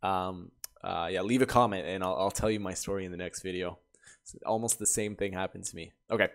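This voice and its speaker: A man reading stories aloud and breaking off to react with loud, laughing, animated commentary. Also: low voice, a little fast, gravelly. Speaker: YouTuber reading Reddit stories.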